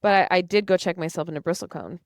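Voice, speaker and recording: A woman's voice: fairly low pitch, fast talker, no echo, studio quality. A young woman, a podcast guest, telling her personal story earnestly and emotionally, acting out past conversations. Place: studio.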